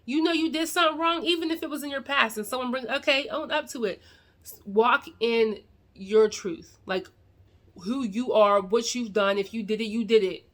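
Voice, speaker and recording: Bright, higher-pitched woman, earnest advice vlogger talking straight to viewers. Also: normal speed. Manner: earnest, preachy, addresses viewers directly. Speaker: video creator giving life advice. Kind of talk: casual talk to camera.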